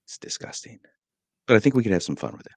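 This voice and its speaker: Man, middle-aged, low voice, dry studio sound, rambling, jokey, morning show host. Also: sing-song, very fast, vocal fry, no echo. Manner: rambling, joking storyteller. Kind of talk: casual chat.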